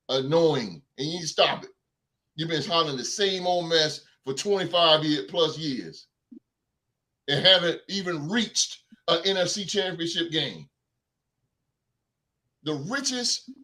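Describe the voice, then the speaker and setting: High, bright-voiced ranting sports host. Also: male voice. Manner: animated, heckling, mocking fans' voices. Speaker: podcast host. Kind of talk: sports talk rant.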